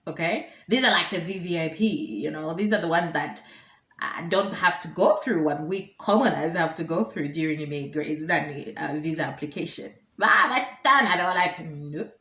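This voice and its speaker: A woman's voice: low voice, normal speed. A woman chatting in casual commentary, amused and laughing often. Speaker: vlogger. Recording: roomy echo.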